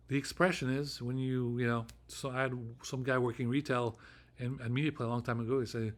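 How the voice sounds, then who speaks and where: A middle-aged man talks alone to the camera in a loose, rambling monologue. He rants and swears, circles back over the same points and restarts his sentences. His voice sits at an ordinary male pitch. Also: flat delivery, brisk. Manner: ranting, profane and repetitive, with restarts. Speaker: vlogger.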